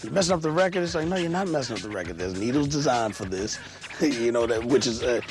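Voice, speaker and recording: A man's voice: mid-range voice, animated, brisk, noisy background. A man, a hip hop artist, talking casually and enthusiastically in an interview, laughing now and then.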